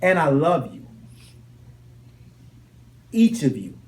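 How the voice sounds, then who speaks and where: A man's voice: on the high side, sing-song, takes it slowly. A young man giving a motivational speech to a class in a classroom, emphatic and repeating his key lines with rising intensity. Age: young adult. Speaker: motivational speaker.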